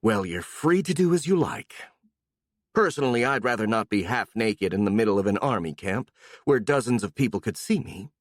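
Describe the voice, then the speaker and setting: A man voicing a calm, matter-of-fact young woman with a sly, sarcastic edge, in an audiobook. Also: mid-range voice, normal speed, dry recording, voice pushed up. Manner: calm, dry, a bit sarcastic.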